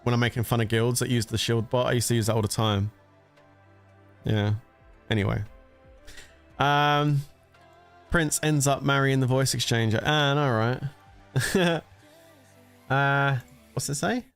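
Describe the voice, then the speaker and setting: A man's voice: medium pitch, a little slow, pauses often, a bit bright, clear, resonant tone. A man talking casually and joking as he streams a mobile strategy game. His voice sits in a middle range, and he laughs easily. Faint background music plays under his talk. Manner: chatty and jokey, often laughing. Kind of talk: casual gameplay commentary.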